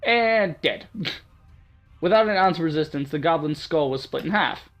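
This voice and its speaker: A man's voice: on the high side, lively intonation, measured pace, faint music behind. A man narrating a visual novel on his gaming channel, stumbling over lines and joking at himself. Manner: self-mocking, stumbling over reading. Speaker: gaming YouTuber. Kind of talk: let's play narration and commentary.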